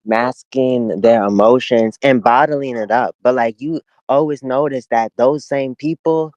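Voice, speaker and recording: Out in the backyard at home, a young co-host talks through a casual podcast in a mid-range, slightly mellow voice, pacing himself a little slowly. His manner is relaxed and thoughtful with many fillers, and the audio is dry and dull.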